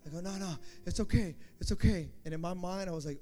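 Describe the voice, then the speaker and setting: A man with a high voice preaches a sermon, acting out each story as he tells it. He jumps into shouted quotes and then drops back to a low, earnest tone. A faint guitar plays behind him. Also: quick pace. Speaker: pastor.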